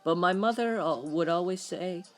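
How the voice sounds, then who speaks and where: A man voicing a troubled, lonely male aspiring comedian in a parody dub of a film script, with a halting, stammering delivery. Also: sits high, a bit bright. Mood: awkward joking.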